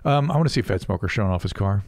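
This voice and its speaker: A man's voice: lowish voice, expressive, rapid-fire, noisy background. A man hosts a podcast with chatty, amused talk. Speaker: podcast host. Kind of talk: casual chat.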